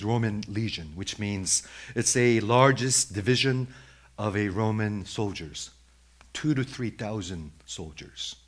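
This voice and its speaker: A man's voice: on the low side, husky. A man preaching a sermon who questions his listeners directly and repeats his points for emphasis.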